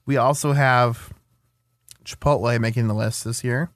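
A man's voice: mid-range voice, steady tone, measured pace, no echo. Young man co-hosting, dry close sound. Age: young adult. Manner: playful, reads out news items. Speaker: podcast co-host. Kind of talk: casual chat.

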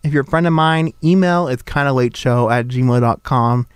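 A man's voice: mid-range voice, moderate pace, smooth, no room sound, clean studio sound. A young man hosting a talk show, bantering playfully and gushing over his guests. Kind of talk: casual banter.

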